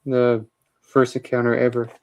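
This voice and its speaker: A man in a casual vlog, going through his movie collection and giving chatty, opinionated takes, often pausing with uh and um. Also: mid-range voice, monotone, lo-fi sound. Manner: chatty, opinionated, with many uhs while listing titles. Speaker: vlogger showing his DVD collection.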